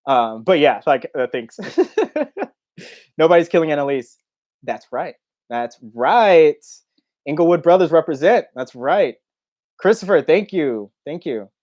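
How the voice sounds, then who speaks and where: A man's voice: on the high side, expressive, unhurried, darkish tone, lo-fi sound. A young man hosting a casual livestream Q&A, chatting loosely, reading viewer comments aloud and laughing often. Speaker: YouTube host.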